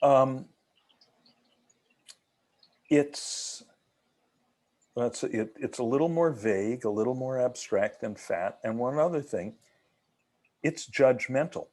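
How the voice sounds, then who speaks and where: A man's voice: mid-range voice, slow pace, long pauses, darkish tone. A man leading an online haiku workshop, asking questions and teaching in a talkative way with many restarts.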